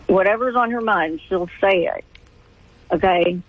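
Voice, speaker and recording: A middle-aged woman calling in to a radio show, telling a family story in halting, restarting sentences. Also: mid-range voice, a crowd in the background. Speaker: caller. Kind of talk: call-in radio conversation. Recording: tinny phone line, dry.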